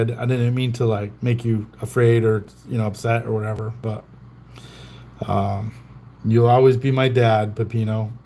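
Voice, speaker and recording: A man's voice: medium pitch, darkish tone, slight background noise. Man rambling through a casual livestream story. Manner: rambling storyteller, full of fillers and chuckles. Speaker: trading card livestream host.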